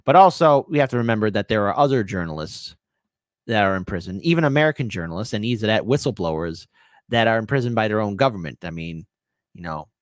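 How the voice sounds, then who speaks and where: A man hosting a commentary show, reacting to interview clips with animated exclamations and laughter. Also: fairly low pitch, dry recording, studio quality.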